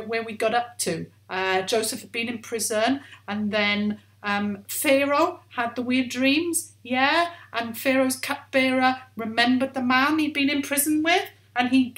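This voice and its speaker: Bright, gentle woman telling a Bible story. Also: on the high side, echoey room. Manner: gentle, coaxing, asks children questions. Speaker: Sunday school teacher.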